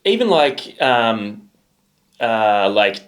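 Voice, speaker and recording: A young Australian man co-hosting a music reaction show, bantering in a jokey, excitable way. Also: lowish voice, drawn-out words. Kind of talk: casual chat reacting to a music video.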